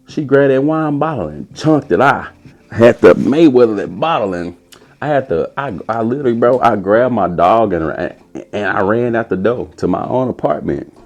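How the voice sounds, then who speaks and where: A young man telling a casual, animated story as a podcast host, putting on a high voice for quotes.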